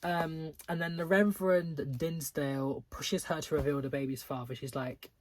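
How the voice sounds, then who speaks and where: A man's voice: on the high side, steady tone, normal speed. A young man reviewing books in a casual video, full of filler words and restarts, with exasperated, dramatic outbursts. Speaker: book reviewer.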